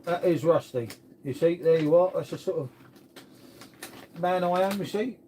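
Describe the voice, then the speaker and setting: A man's voice: on the high side, normal speed, mellow, slight background noise. An English man chatting casually on a live stream, answering viewer comments in a laid-back way and calling everyone mate.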